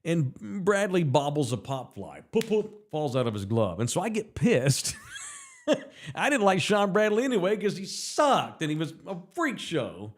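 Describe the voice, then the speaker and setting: A man hosting a podcast, telling a story in a casual, profane and animated way. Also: on the high side, a little slow. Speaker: podcast host.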